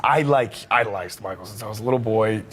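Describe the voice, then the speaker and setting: A man telling a story casually in an interview, animated, laughing often and stumbling over his words. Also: lowish voice, quick pace, slight background noise. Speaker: interview guest.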